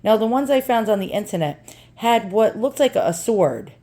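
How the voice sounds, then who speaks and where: A woman's voice: mid-range voice, expressive, normal speed, warm tone. A woman with a New York accent, chatting casually and bluntly through an unboxing, joking and swearing now and then. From New York, USA. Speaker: vlogger.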